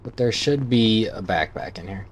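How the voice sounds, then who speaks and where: A man's voice: fairly low pitch, normal speed, slight background noise. A man casually thinking aloud as he plays a survival game. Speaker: gameplay streamer. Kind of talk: let's-play commentary. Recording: game music underneath.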